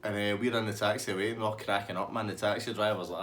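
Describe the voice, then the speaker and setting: A man's voice: on the low side, steady tone, quick pace, fairly bright tone, a little hiss or hum. A man with a Scottish accent telling a comic anecdote in a rambling, laughing way. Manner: rambling, laughing through the story. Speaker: storyteller.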